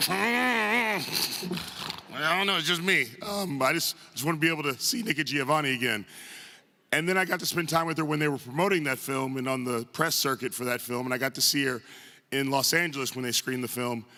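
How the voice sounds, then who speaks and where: A man from the northern United States tells funny, self-deprecating stories to an auditorium crowd, chatty and full of quick asides. His voice is slightly high, bright and forceful. A long hall reverb trails behind every phrase from the stage microphone. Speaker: guest speaker at a tribute event. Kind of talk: humorous anecdotal speech to a live audience. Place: large arts center auditorium.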